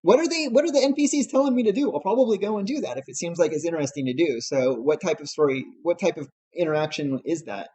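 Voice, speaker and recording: A hesitant man on a gaming roundtable thinks aloud, stopping and restarting often. His voice is somewhat high. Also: expressive, quick pace, few pauses, dark tone. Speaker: panelist. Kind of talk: casual gaming roundtable chat.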